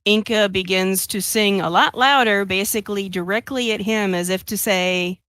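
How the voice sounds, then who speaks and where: A woman's voice: medium pitch, normal speed, a bit bright, smooth, no echo. A woman at a game table talks through her character's moves in a casual, chatty way, with a mid-range voice. Her voice sounds close and dry, with no room around it. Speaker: player.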